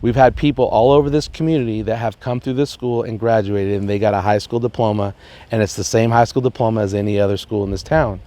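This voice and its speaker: A man, a high school principal, talking earnestly in an interview and telling stories with playful asides. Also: steady tone, quick pace, warm tone. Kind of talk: reflective interview talk.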